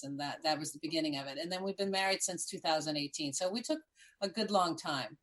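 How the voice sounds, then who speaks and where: Casting: woman, lower register, effusive and laughing talk-show guest. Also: brisk, fairly bright tone, poor audio. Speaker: podcast guest. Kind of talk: casual video call chat.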